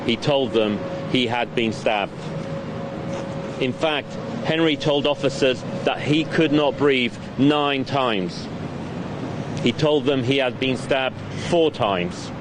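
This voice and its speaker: A man, a victim's parent, reading a prepared statement in a grave, measured voice. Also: medium pitch. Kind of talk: prepared statement read aloud. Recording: street traffic noise behind. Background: clear traffic and street noise.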